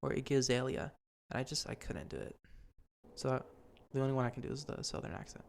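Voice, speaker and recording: A man's voice: medium pitch, animated, fast talker, gravelly, a little hiss or hum. A young man hosting a podcast, chatting casually and rambling with lots of fillers. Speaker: podcast host. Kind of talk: casual chat.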